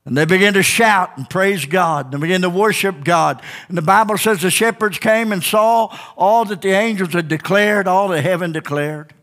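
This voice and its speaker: A man preaching a sermon as a pastor in church, fervent and folksy, with call-and-response "Amen?" and sudden shouts. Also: high voice, moderate pace, hardly any pauses. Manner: old-fashioned, down-home speech.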